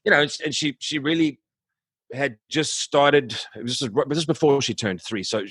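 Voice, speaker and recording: Man, forties, halting, subdued, reflective, frequent restarts, mid pitch, dry close sound. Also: a bit bright, husky, dry recording. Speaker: musician guest. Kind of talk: candid interview conversation.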